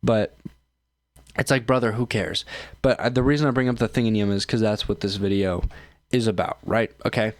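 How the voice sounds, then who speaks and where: A man's voice: fairly low pitch, fairly even intonation, fairly quick, no echo. Profane ranting man. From United States. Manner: ranting, profane, rambling with fillers. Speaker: streamer and show host. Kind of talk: profane reaction commentary.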